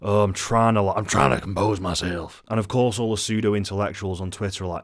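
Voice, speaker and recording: A man's voice: on the low side, steady tone, moderate pace, few pauses. A man angrily ranting through an unscripted film review, swearing often and rambling. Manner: angry, profane, rambling. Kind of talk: unscripted rant-style review.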